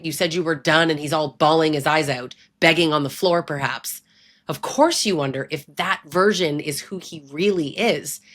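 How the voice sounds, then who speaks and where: Host-style woman, slightly low voice, direct and emphatic, talking frankly to her viewer. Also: a bit bright. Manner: emphatic, blunt, conversational with frequent "right?". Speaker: relationship abuse educator. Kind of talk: direct-to-camera advice talk.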